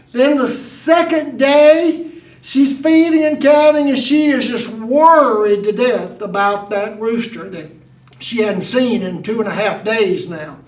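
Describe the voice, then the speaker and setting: A man telling a childhood story live at a museum in a folksy, unhurried way, recorded on a distant microphone. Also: extremely high pitch, roomy sound. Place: museum venue.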